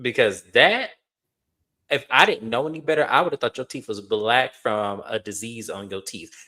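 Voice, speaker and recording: A man's voice: mid-range voice, lively intonation, moderate pace, sharp tone. A man co-hosting a casual live stream, making blunt, emphatic points and repeating them.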